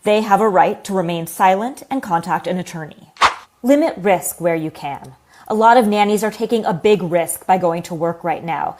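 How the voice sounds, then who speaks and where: A woman narrating a newspaper explainer video in a scripted, even, advisory tone. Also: on the low side, normal speed, background noise.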